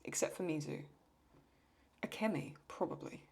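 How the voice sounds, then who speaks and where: Young woman, english accent, rambling casual chat, low-ish voice. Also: moderate pace, a little mellow. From England. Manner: chatty, rambling, self-talk. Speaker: host. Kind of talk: casual chat while drawing.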